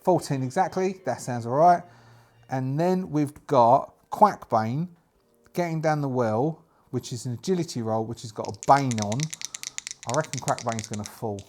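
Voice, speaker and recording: A man narrating a solo tabletop game, talking out loud through his dice rolls and the rules in a chatty manner. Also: medium pitch, normal speed. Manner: chatty, thinks aloud over dice rolls.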